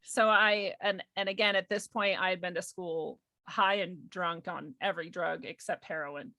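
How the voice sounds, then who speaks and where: A young woman guest telling a personal story in casual conversation, animated, laughing often and acting out quoted voices. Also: fairly low pitch, normal speed, dry recording. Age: young adult.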